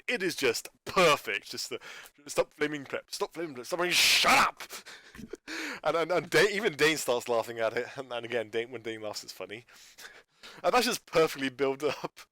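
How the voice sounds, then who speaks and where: Bright-voiced man rambling with exasperation. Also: mid-range voice, expressive, brisk, no echo. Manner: stumbling, restarting, exasperated ranting. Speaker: YouTuber reviewing a channel. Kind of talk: unscripted rambling monologue.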